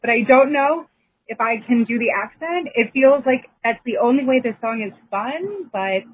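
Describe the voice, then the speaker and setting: A woman's voice: a little high, animated, normal speed. Hesitant woman on a phone voicemail. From Chicago. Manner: hesitant, self-conscious. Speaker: caller. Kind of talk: voicemail message. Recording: husky phone-line voicemail.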